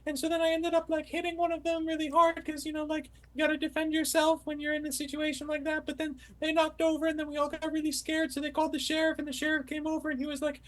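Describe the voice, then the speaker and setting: A woman's voice: high voice, monotone, fast, hardly any pauses, rough recording. A woman player telling a rambling, goofy story in character at a tabletop game. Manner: rambling, goofy comedic delivery.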